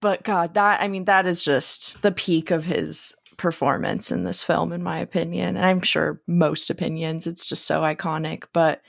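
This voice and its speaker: A woman co-hosting a casual film podcast, reacting in an expressive, exclamatory way. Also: fairly low pitch, moderate pace, vocal fry, few pauses, dry recording, studio quality. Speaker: podcast co-host.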